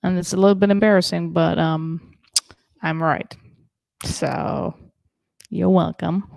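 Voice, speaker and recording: A woman from Germany performs a stand-up set over a video call, talking in a chatty, self-deprecating way full of fillers. Her voice has a gravelly fry at the edges. The sound is dry and close. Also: fairly low pitch, steady tone, slow pace, a little mellow, no echo. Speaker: stand-up comedian.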